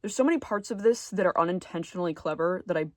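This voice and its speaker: A man giving a casual commentary video essay, chatty and full of fillers, often trailing off quietly at the ends of phrases. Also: high voice, animated, fast, no room sound, clean studio sound.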